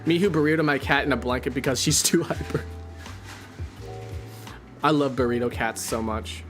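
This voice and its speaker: A man streaming as a VTuber, chatting casually in a rambling, playful, excitable way over faint music. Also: medium pitch, normal speed.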